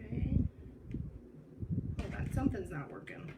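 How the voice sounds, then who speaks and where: A woman's voice: a little high, expressive, unhurried. Chatty woman teaching a hand craft. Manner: chatty, self-interrupting with "hold on". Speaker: craft host. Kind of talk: live craft tutorial. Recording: distant mic with noise.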